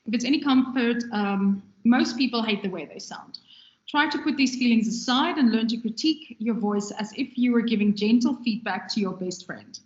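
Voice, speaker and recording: A woman with a somewhat high voice delivers a relaxed, conversational lecture on radio production. The sound is roomy and echoey. The recording is dull and lo-fi. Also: moderate pace. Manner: conversational, gestures freely with her hands.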